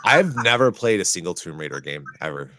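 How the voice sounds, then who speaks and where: A man co-hosting a podcast, talking casually and excitedly about video games in a rambling way. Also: sits low, brisk, background noise. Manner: excitable, rambling gamer talk. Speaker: podcast co-host. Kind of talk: casual chat.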